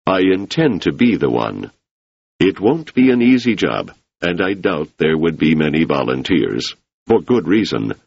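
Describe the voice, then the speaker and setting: A man reading the part of an ambitious, forceful male politician who talks in an urging, insistent way. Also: sits low, sing-song, unhurried, gravelly, breathy edge, highs cut off, exaggerated voice.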